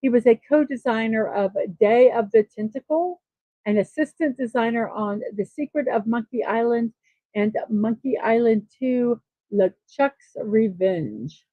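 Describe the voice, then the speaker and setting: A chatty woman hosts a casual morning show, reading birthday lists with self-deprecating asides. Her voice sits a bit high. The sound is dry and a little dull, like a lo-fi home recording. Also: unhurried, dry recording. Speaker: host of a daily morning show. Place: East Coast of the United States.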